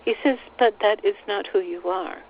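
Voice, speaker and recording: A woman relaying channeled spiritual teachings on a recorded call, speaking slowly and gently and repeating phrases. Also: mid-range voice, gravelly. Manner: slow, soothing, repeats phrases, relays quotes. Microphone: phone line on a teleconference call. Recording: slightly dull teleconference audio.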